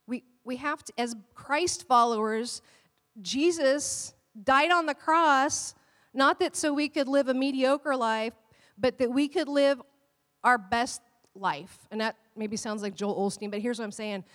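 A middle-aged woman pastor giving a sermon in an animated way, laughing often and acting out quotes in a high voice. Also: measured pace. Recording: long hall reverb.

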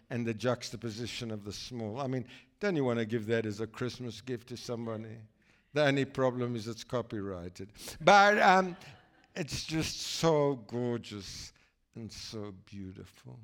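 An enthusiastic man from South Africa gives a guest talk in church, exclaiming over pictures and wandering into chatty asides. His voice sits at a middle pitch. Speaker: guest speaker.

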